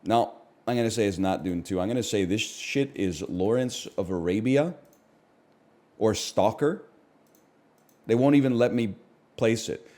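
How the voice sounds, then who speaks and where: A man streaming a game and chatting casually, animated and joking, with frequent swearing. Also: fairly low pitch, unhurried, long pauses. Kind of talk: casual chat while gaming.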